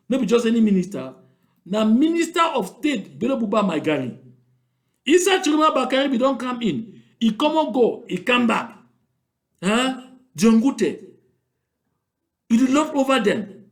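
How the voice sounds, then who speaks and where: Emphatic Cameroonian Pidgin commentator, high voice. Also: male voice. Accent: Cameroonian Pidgin English. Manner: emphatic, repetitive, full of rhetorical questions. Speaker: political commentator. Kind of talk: political commentary. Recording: roomy echo.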